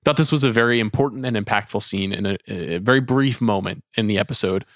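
A man's voice: lowish voice, fast, a bit bright, no echo, clean studio sound. A man co-hosting a podcast, talking casually with wry, thoughtful asides. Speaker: podcast co-host. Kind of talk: casual chat about a TV episode.

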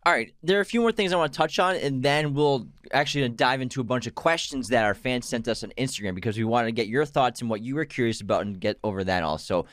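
A man co-hosting a movie channel, talking fast and eagerly in a casual discussion about a film. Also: mid-range voice, no room sound, studio quality. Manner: fast, eager, animated opinions.

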